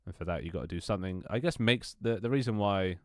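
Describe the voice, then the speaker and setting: This is a young man with a very low voice, rambling to his stream audience. He swears casually and trips over his words as he goes. The sound is dry and close. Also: fast, no room sound. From London, England. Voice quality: swears casually, many restarts and laughs. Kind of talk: casual chat with stream viewers.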